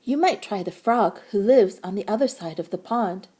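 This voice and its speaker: A woman's voice: mid-range voice, lively intonation, normal speed, slightly rough. A woman voicing a gossipy, motherly female duck who quacks between her words in a children's storybook. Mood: fussy. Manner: fussy, quacking, loud.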